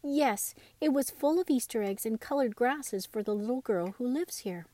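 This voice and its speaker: A woman's voice: fairly high pitch, expressive, normal speed, warm tone, dry recording, pitched above the performer's own voice. A woman voicing a timid little male Easter bunny with a quavery voice in a storybook reading. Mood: gentle.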